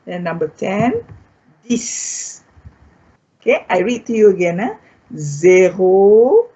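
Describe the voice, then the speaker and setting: A Malaysian woman teaching a beginners' French class online, patiently repeating each word in slow, clear steps. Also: mid-range voice, very animated, darkish tone. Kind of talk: online language lesson. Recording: dull lo-fi online class audio.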